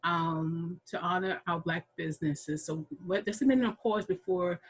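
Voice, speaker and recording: Husky, enthusiastic woman host. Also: fairly low pitch, moderate pace, poor audio. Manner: enthusiastic, chatty, laughs often. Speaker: workshop host. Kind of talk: casual online workshop moderating.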